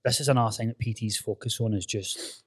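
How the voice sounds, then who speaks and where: A man's voice: lowish voice, fairly even intonation, fast, breathy edge. A Scottish man hosting a casual podcast chat, blunt and sweary, who says "mate" and "aye" a lot. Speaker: podcast host and personal trainer. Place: gym.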